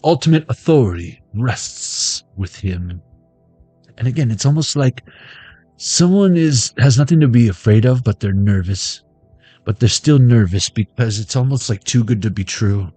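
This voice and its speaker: A man's voice: medium pitch, expressive, normal speed, dark tone, breathy edge, no room sound, soft background music. A man hosting a casual tarot reading video, rambling and joking with casual swearing. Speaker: tarot reader. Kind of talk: casual intuitive reading vlog.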